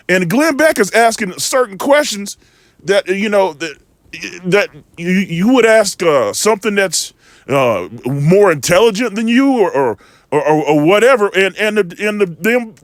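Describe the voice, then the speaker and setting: Earnest man reading scripture, lively voice. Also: high-pitched, moderate pace, dry recording. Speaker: scripture reader.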